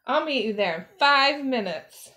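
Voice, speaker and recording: A woman's voice: high voice, lively intonation, unhurried, sharp tone, full character voice. A woman voicing a bossy male lion teacher who is hard to impress, giving blunt instructions in a storybook reading. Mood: instructive. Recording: roomy echo.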